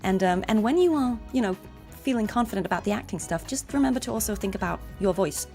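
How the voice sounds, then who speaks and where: Woman, RP English accent, casual stream chat, mid pitch, slight fry. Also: lively intonation, fast, a little mellow, faint music behind. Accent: neutral RP English. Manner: chatty, laughs often. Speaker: voice actor streaming a game.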